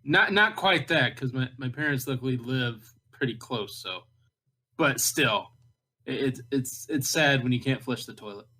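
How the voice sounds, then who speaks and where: A man's voice: mid-range voice, lively intonation, normal speed, bright, forceful tone. A man co-hosting a casual podcast, joking around and stumbling over hard names while reading film facts. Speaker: podcast co-host.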